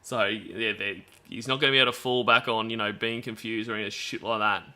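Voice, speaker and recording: A man's voice: fairly low pitch, steady tone, a little fast, pushed and bright. A man giving blunt, profane commentary on a stream, reading out and reacting to chat logs. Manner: blunt, swearing, disgusted.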